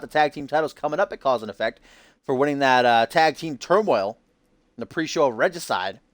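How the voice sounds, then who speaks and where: A man's voice: a little high, a bit bright, no echo. A man streaming a game, giving hyped-up, loose wrestling-show commentary full of casual asides. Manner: upbeat hype, loose and casual with frequent "uh".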